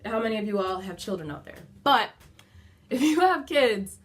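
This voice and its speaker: Chatty mom giving candid advice. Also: female voice, on the high side, animated, moderate pace. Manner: chatty and candid, casual swearing, many fillers like "like". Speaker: mother sharing parenting advice. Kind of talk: casual motivational talk to camera. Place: at home indoors.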